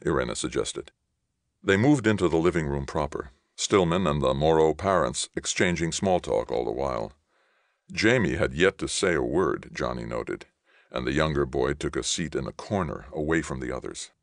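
A man's voice: a bass voice, expressive, moderate pace, vocal fry, no room sound. A man reading a science fiction audiobook aloud as narrator, on a close studio mic. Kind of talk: scripted narration.

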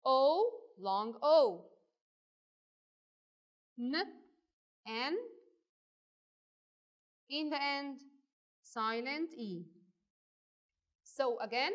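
A woman teaching a kindergarten phonics lesson, drilling letter sounds slowly and clearly in a patient, sing-song way. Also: high voice, animated.

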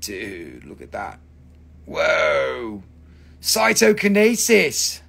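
A husky-voiced man hosts a loose live sales stream for rocks and crystals. He rambles, jokes, and swears freely as he names prices. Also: medium pitch, unhurried, fairly bright tone. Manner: joking, profane, rambling. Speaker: crystal shop host.

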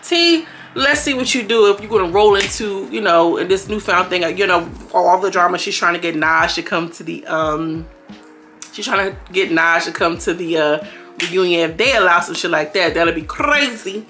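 A young woman giving a casual recap of a reality show, animated and slangy, often slipping into voices for the people she quotes. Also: fairly low pitch, moderate pace, faint music behind. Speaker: reality TV reviewer.

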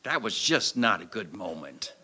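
Male preacher, lively storyteller, bright and tense tone, wide-ranging pitch, acts out the scenes. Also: normal speed, breathy edge. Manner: animated storyteller acting out scenes. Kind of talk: storytelling sermon. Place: church sanctuary with audience. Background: audience laughter.

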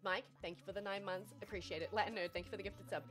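A woman's voice: mid-range voice, steady tone, very fast, a bit bright, faint music behind. A woman in her thirties with a New Zealand accent, livestreaming in casual chat, frazzled and laughing as she rattles off thank-yous, out of breath. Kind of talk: casual live-stream chat.

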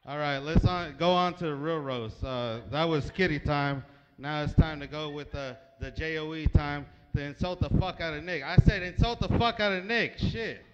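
A man's voice: on the high side, normal speed. A man emceeing a roast, introducing roasters with brash, profane jokes. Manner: brash, swears freely. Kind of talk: joking, profane emcee patter. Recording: dull, muffled recording.

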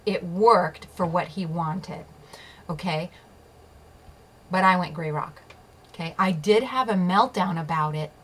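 A woman vlogger with a husky, lowish voice recounts a personal experience at an unhurried pace, leaving long pauses. She's emphatic and swears, frequently tossing in "okay?" and "right?" for her audience, and the audio quality is poor.

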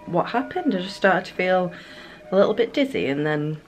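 A woman's voice: fairly low pitch, big pitch swings, normal speed, soft background music. A woman, a new mother, vlogging casually at home, chatting and sometimes slipping into sing-song baby talk.

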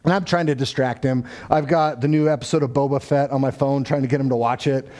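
A man's voice: mid-range voice, steady tone, fast talker, darkish tone. A man preaching a sermon in an easygoing, conversational way, telling a family story with quoted dialogue. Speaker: pastor.

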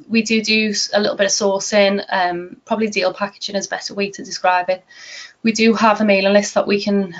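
A woman with a Scouse accent talking to camera about property in a chatty, practical way, her sentences full of ums. Her pitch stays flat and even, with little rise and fall. The recording is a little dull and lo-fi. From Liverpool, England. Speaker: property investor and host. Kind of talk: casual talk to camera.

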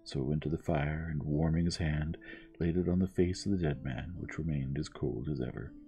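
A man reading a bedtime story aloud in a calm, measured, gentle narration. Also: a bass voice, vocal fry, soft background music.

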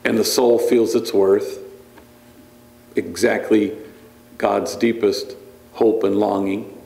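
A man's voice: fairly low pitch, level tone, slow pace, gravelly, a little mellow, echoey room. A man, a priest, giving a storytelling lecture with humor and frequent restarts. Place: lecture hall.

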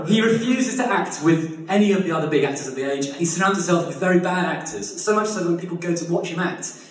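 Man, comic storyteller, animated and exaggerated, higher voice, very echoey room, distant mic. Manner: animated, fast, exaggerated, swears casually. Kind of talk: live comic history storytelling.

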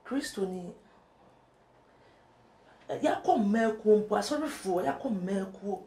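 A woman's voice: medium pitch, animated, measured pace, warm tone, reverberant. A woman from Ghana, a talk show guest, giving earnest advice and quoting scripture. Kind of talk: casual studio chat.

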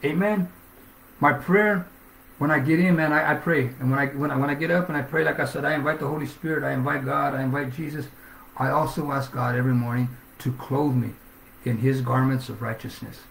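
Gravelly-voiced male preacher, fervent, scripture-heavy sermon, echoey room. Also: medium pitch, slight background noise. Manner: fervent, punctuates with "Amen?"; reads scripture aloud.

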